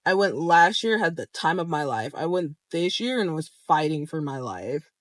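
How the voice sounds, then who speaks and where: Young adult vlogger, casual storytelling to camera, animated, frequent swearing, mid pitch, dry close sound. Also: moderate pace, no echo. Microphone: camera framed close to the speaker.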